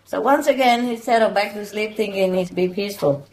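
A woman's voice: mid-range voice, a little mellow, poor audio. A woman telling jokes in casual chat, laughing through her own punchlines and stumbling over her words as she goes. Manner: loose, halting delivery with restarts. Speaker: joke teller among friends.

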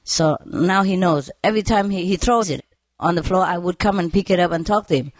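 A woman's voice: fairly low pitch, a little fast, no echo. Laughing woman chatting about her pets. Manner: laughs often, animated, acts out her pets' voices. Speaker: bird owner. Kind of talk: casual storytelling.

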